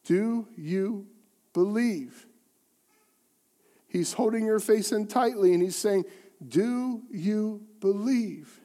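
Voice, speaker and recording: High-voiced preacher with dramatic delivery. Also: male voice, slow pace, long pauses. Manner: dramatic, rhetorical questions, shifts between soft and loud. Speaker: pastor. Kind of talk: sermon.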